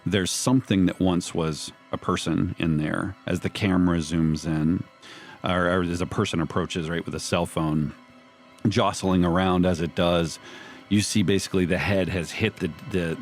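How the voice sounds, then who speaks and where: Game master, male, low-pitched, deliberate and graphic horror narration. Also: steady tone, soft background music. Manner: graphic, measured scene-setting with restarts.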